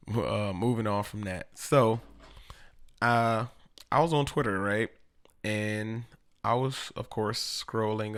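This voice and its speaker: A man's voice: fairly low pitch, a bit bright. A man hosting a solo podcast, talking casually and profanely and laughing often. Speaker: podcast host.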